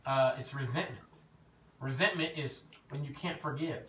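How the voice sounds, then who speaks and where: A man preaching an informal teaching sermon, telling his own story in an animated way that rises when he gets emphatic. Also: mid-range voice, normal speed. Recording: echoey room, mic at a distance, faint background noise.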